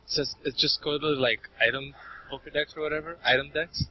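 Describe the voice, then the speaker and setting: A man's voice: on the high side, fairly even intonation, brisk, a little hiss or hum. A man chatting casually with a gaming friend, joking and giving rambling explanations. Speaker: friend on call. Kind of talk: casual chat. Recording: lo-fi audio with faint game music.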